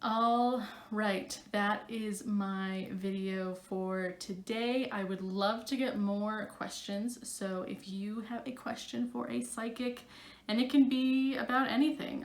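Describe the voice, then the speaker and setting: A woman's voice: medium pitch, steady tone, unhurried, echoey room. A woman psychic coach talking casually to her camera, chatty and full of fillers.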